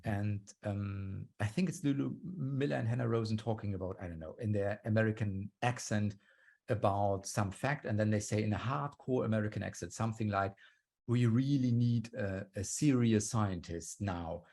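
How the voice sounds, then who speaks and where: A man's voice: fairly low pitch, brisk, creaky, darkish tone. A man giving a talk on storytelling over a video call, explaining step by step and acting out quoted lines. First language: German. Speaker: guest speaker on storytelling.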